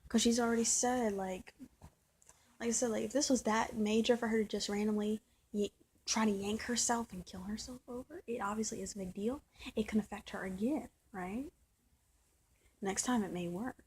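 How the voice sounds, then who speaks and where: Very husky-voiced woman venting in a vlog. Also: a little high, fairly even intonation, moderate pace, a little mellow. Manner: restarts and repeats words, venting. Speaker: vlogger. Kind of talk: personal vlog monologue.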